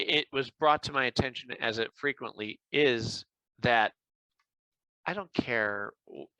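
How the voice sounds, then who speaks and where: Chatty male podcast host, expressive and bright, close dry recording. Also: medium pitch, smooth, dry recording, low-quality recording. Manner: animated anecdote-telling with acted-out quotes. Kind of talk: casual chat, storytelling.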